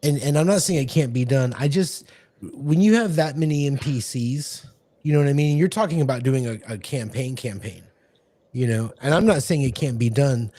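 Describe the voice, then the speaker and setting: A man's voice: mid-range voice, normal speed, dark tone, no echo. A man talks through tabletop game ideas in a loose, rambling way, full of restarts and fillers. His voice sits in a middle register and sounds dry and close, with no room around it. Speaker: podcast co-host and game master. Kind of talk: casual chat.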